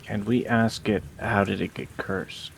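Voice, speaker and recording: A man playing a tabletop role-playing game, low-key and inquisitive. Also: fairly even intonation, measured pace, creaky, a little hiss or hum. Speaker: player. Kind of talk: casual tabletop game play.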